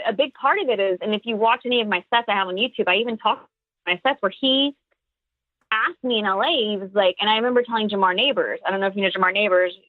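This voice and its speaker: A woman's voice: mid-range voice, no room sound. A woman comedian talking as a podcast guest, emphatic and full of restarts, over a phone call. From Texas. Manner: fast, emphatic, many restarts. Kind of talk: casual interview chat. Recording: tinny phone line.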